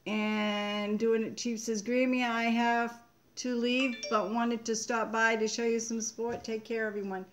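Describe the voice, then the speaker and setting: Slow-talking older woman, chatty host. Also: a little high, flat delivery. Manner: chatty, reads viewer comments aloud. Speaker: homestead channel host. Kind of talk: casual live-stream chat.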